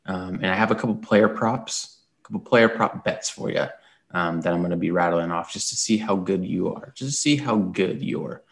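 A low, creaky male voice at normal speed belongs to a sports podcast co-host who's tired from an early morning. His casual talk is chatty and rambling, often restarting and dropping in "um"s.

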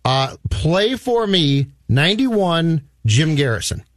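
A man co-hosting a movie podcast who builds his argument with film examples, pausing on a few halting restarts. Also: a little high, sing-song, a little hiss or hum. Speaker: podcast co-host.

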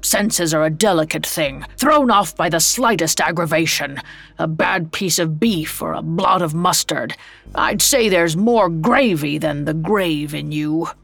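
A woman's voice: low voice, measured pace, vocal fry, fairly bright tone, dry recording, faint music behind, heavily acted. A woman voicing a miserly old businessman who scoffs at the supernatural and defends his business ways. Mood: scoffing.

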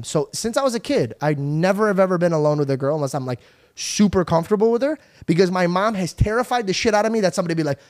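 Animated young man telling wild stories. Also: sits high, quick pace. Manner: animated, acts out voices in retellings, swears freely. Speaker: podcast host. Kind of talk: casual storytelling chat. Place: podcast studio.

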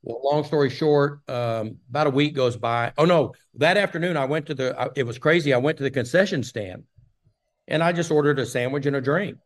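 Brisk and mid-pitched, this older man from Texas rambles through lengthy stories as an interview guest, leaning heavily on filler words in a relaxed storytelling chat.

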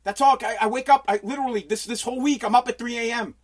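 A man's voice: extremely high pitch, fairly even intonation, fast talker. A middle-aged man from the United States in his home basement, ranting on a casual livestream in a profane, exasperated, pleading way. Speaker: livestream host.

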